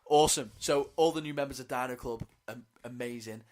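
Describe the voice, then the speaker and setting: A man co-hosting a climbing podcast, chatting in a relaxed, slangy way. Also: medium pitch, brisk. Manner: laid-back, chatty, slangy. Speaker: podcast co-host. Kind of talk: casual podcast chat.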